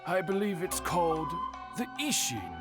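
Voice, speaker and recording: An actor playing an elderly, patient master bladesmith in a game, speaking in a measured, formal way. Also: male voice, high voice, wildly swooping pitch, exaggerated voice. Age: older. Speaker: game character. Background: game music.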